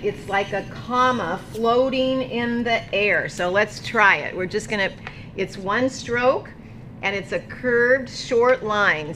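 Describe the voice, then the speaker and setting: A woman's voice: medium pitch, bright, forceful tone, a little hiss or hum. A woman teaching a Hebrew alphabet lesson from an office, patient and encouraging, inviting her listeners to practice along. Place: ministry office.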